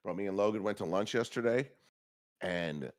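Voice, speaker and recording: Loud, animated young man, dry close mic. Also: moderate pace, no echo. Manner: animated storytelling, jumps high when quoting himself. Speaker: co-host. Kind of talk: casual profane banter.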